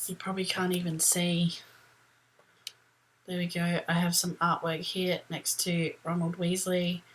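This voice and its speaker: A woman's voice: on the low side, completely flat delivery, a little slow, slight background noise, rough recording. A middle-aged woman vlogging from a room at home, talking in a rambling, chatty way with lots of ums. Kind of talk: casual chat.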